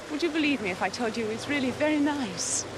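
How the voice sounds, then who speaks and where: An actress playing a playful young woman who speaks softly and teasingly in a 1970s television drama. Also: high-pitched, noisy background.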